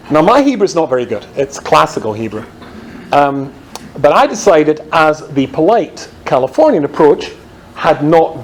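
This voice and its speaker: Scottish male rabbi, higher voice, dry comic storyteller, faint room hum. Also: a little mellow. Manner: dry, wry comic delivery. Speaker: rabbi giving a talk. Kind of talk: humorous storytelling talk.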